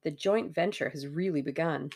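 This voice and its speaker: A cheerful, steady young man speaks in brisk, plain sentences. His voice sits low and gravelly, as a woman reading an audiobook voices him.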